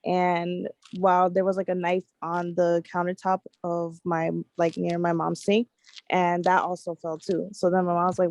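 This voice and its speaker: A woman telling a casual story on a podcast, her low voice gravelly with vocal fry and dark in tone. She talks in a flat, even way and fills every gap with filler words. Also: normal speed, dry recording, poor audio. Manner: full of "like" fillers, relaxed.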